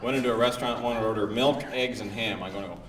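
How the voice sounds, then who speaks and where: A man's voice: medium pitch, racing, a bit bright. Goofy stand-up comic man, echoey hall. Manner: silly, mock-earnest, breaks into goofy accents. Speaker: stand-up comedian. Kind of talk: live stand-up comedy. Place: live comedy venue. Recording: echoey live hall recording with audience noise.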